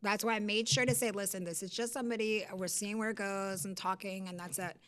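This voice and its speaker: A woman's voice: mid-range voice, fairly quick. A woman hosting a casual studio chat, telling a story and acting out what everyone said. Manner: animated storytelling, acts out quotes. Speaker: host. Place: recording studio.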